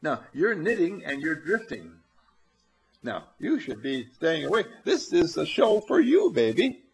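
Gravelly, lively man preaching on ageless living. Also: on the high side, unhurried. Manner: animated, acts out little scenes in funny voices; coaxes and teases the audience. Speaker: motivational speaker. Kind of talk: spiritual lecture to a live audience.

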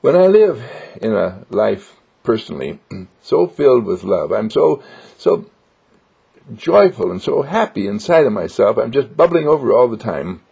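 A man's voice: mid-range voice, very animated, a little slow, creaky, a little mellow, slightly rough. A man giving a spiritual motivational monologue in a sing-song, joyful way, repeating simple affirmations, on a dull lo-fi recording. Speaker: inspirational speaker.

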